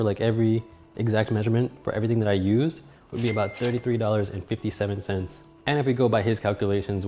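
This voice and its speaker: Joking man narrating his cooking. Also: on the low side. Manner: joking, self-mocking, with loud startled outbursts. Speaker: cooking video host. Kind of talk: casual cooking vlog narration.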